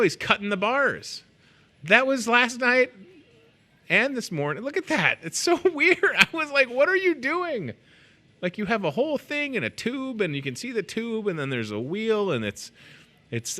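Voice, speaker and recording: A man's voice: medium pitch, sharp tone. A man hosting a live in-store show, chatting casually in a jokey, rambling, self-deprecating way. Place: inside a grocery store.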